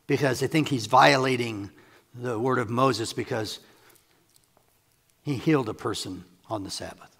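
A man preaching a sermon to a congregation, animated and quick to laugh as he paraphrases scripture. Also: mid-range voice, gravelly, slightly rough, long reverb tail. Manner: animated, acts out scripture quotes, laughs often.

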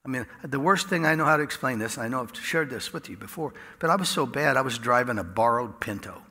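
A man preaching a sermon in a folksy storytelling way, dropping to a hush and then rising loud. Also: mid-range voice, animated, fast talker. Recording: echoey hall with long reverb.

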